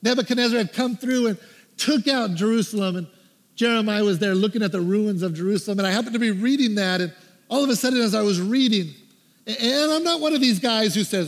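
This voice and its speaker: A man's voice: sits high, brisk, in a large hall. A man preaching a story-driven sermon, acting out his own prayers and the advice people gave him. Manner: animated, acts out his own prayers and quotes. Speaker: pastor.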